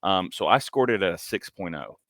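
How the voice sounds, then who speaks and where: A man's voice: deep voice, animated, fairly quick, a bit bright, dry recording, clean studio sound. A man in his forties co-hosting a comic podcast, talking casually with lots of ums and restarts. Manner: hesitant, many ums and restarts. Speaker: podcast co-host. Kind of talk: casual comic review chat.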